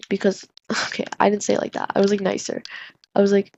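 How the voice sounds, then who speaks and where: Chatty woman with a gravelly voice. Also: medium pitch, monotone, fast, dark tone. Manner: chatty, rambling, full of "like" fillers. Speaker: vlogger. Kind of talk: casual storytime. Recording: dull lo-fi audio with faint hiss.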